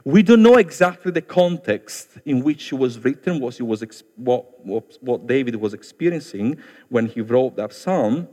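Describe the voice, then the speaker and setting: A man's voice: medium pitch, animated, normal speed, mellow. Italian-accented man preaching in a reverberant hall. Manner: earnest, conversational preaching that addresses listeners directly. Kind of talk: sermon.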